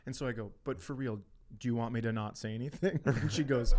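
A man's voice: medium pitch, quick pace, a little mellow. A middle-aged man on a podcast, telling a story with plenty of swearing and acted-out quotes. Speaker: podcast co-host. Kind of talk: casual storytelling chat.

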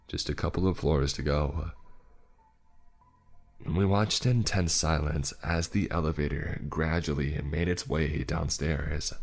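A man's voice: extremely low pitch, gravelly. A man narrating a first-person story in a wry, exasperated way.

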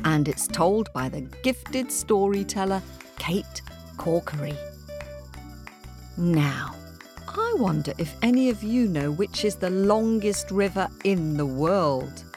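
A woman hosting a children's story podcast, chatty and playful, quizzing her listeners. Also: on the low side. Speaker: podcast host. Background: background music.

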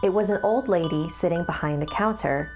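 A woman hosts a horror podcast and reads a scary story in a hushed, measured voice. Her tone sits slightly low. Music plays under her narration the whole time.

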